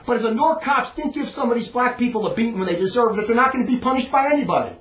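High-voiced man ranting in a roomy space. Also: expressive, very fast, a bit bright. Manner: rambling, emphatic, repeats words. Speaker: monologue speaker. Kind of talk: ranting monologue. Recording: roomy echo.

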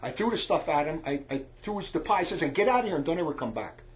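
A man telling a long, rambling story in a loud, heated way, often shouting and stumbling over restarts. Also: on the high side, very animated, fast talker. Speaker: storyteller on a talk recording.

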